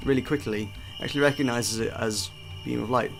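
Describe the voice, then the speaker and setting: A man's voice: medium pitch, brisk, creaky, music in the background. Chatty man giving gameplay commentary. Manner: chatty, self-deprecating, frequent restarts. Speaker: game reviewer.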